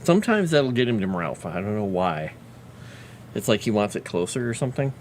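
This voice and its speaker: Lively low-voiced man chatting on stream. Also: a little fast, a little hiss or hum. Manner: chatty and affectionate, talking to a pet and viewers. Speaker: livestreamer and fantasy lore writer. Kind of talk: casual livestream chat.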